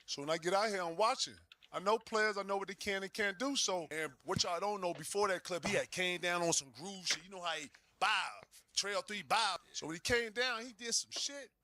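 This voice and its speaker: A boastful man from Indiana with a high, bright voice, getting excited in a casual chat. He acts out trash talk and laughs along. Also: brisk, few pauses, no echo.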